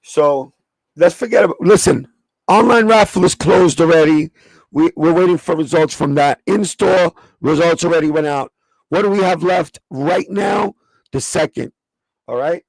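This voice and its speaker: This New York-accented host keeps his sneaker livestream casual, cursing freely and chatting with live viewers in a streetwise way. He speaks at a normal pace in a fairly high voice, with no echo on the recording.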